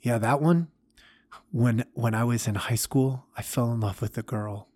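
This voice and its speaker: A man doing a gentle old man, soft, halting, husky, slow. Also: mid-range voice, natural voice. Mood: reflective. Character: gentle old man recounting his heartbreaks.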